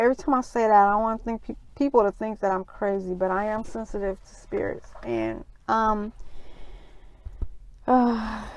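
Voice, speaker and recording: A middle-aged woman earnestly telling a personal story in her vlog, halting often with fillers. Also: medium pitch, no echo, rough recording. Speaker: vlogger.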